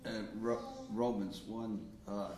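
Low hesitant man, echoey room. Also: fairly even intonation, slow pace, mellow. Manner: hesitant, many fillers. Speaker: member of a Bible study group. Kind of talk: casual group discussion. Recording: roomy echo.

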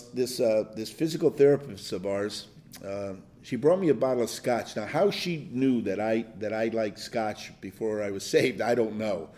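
A man's voice: mid-range voice, darkish tone. An older man leading a Bible study, telling stories in a rambling, chuckling way with many restarts. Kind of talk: conversational Bible teaching.

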